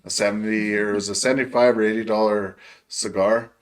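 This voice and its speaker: A man's voice: on the low side, fairly even intonation, brisk. A man on a podcast telling a story in a laid-back way, swearing a lot and laughing as he goes. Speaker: podcast co-host. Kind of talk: casual podcast chat.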